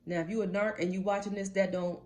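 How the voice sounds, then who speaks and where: A woman's voice: medium pitch, level tone, fast talker, a little mellow. A woman life coach giving a motivational talk to camera, blunt and casual, addressing viewers directly and repeating her points for emphasis.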